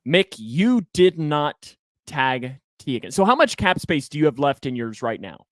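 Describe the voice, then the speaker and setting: A man with a fairly high voice co-hosts a casual sports podcast. He is playful and animated, with his pitch leaping up when he makes a point. The recording is dry and close. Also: moderate pace, no room sound. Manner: animated, jokey, pitch jumps up when excited. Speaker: podcast co-host.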